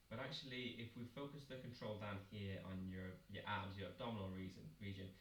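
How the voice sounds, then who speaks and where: Choir teacher, man, low voice, patient instructor, echoey room with the mic set back. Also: far from the mic, slight background noise. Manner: patient, step-by-step instructing with demonstrations. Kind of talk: vocal warm-up lesson.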